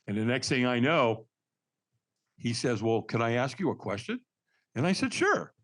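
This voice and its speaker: This is a podcast guest, a firewalking instructor, spinning an animated story and calling the host Doc. His mid-range voice is expressive and moves at normal speed, switching voices as he acts out quotes.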